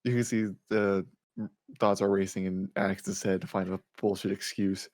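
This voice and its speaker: A man's voice: low voice, little pitch movement, normal speed, darkish tone, no room sound, studio quality. A man taking part as a player in a tabletop role-playing game, casually narrating what his character does.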